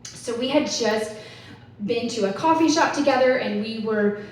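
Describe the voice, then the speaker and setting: A woman in her 30s, speaking at a conference, tells a story chattily with lots of "like," her voice on the high side at normal speed. The echoey hall makes her sound far off, with a faint hiss.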